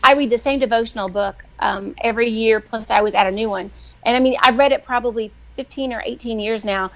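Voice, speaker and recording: A middle-aged woman, a weekly guest who writes devotionals, telling faith stories in a chatty, animated way. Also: a little high, quick pace. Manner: chatty, animated, acts out quoted voices. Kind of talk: casual faith storytelling on a live show.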